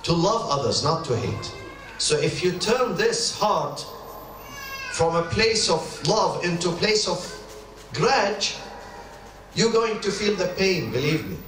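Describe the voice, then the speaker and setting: A man's voice: high-pitched, sing-song, slow pace, far from the mic. A middle-aged man from the Middle East, preaching a sermon on marriage. He talks emphatically and repeats his points, acting out quoted speech. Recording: echoey hall, voice from afar, faint hiss.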